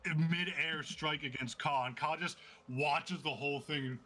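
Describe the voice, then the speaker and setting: A man narrating a tabletop game as game master, excitable and vivid, like play-by-play. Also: on the high side, unhurried.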